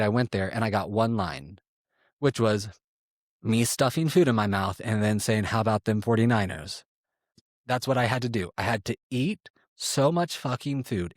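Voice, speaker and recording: A young man with a mid-pitched voice tells his story with sass and emphasis, cursing freely and jumping between loud bursts and low asides. The sound is close and dry, with no room echo. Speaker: podcast guest telling his story. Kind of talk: casual storytelling.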